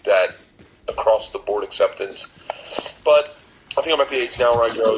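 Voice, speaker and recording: Man, 40s, podcast co-host; rambling storyteller with a lowish voice, faint hiss behind. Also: moderate pace, long pauses. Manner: rambling, restarts often, animated when quoting others. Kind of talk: casual storytelling chat.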